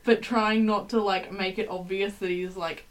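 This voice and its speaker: A woman in the middle of a relaxed, improvised podcast chat, rambling and self-mocking, her thoughts full of fillers. Her voice sits in an ordinary middle register for a woman. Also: mid-range voice, normal speed, rough recording. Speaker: podcast co-host. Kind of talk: casual chat, improvised plotting.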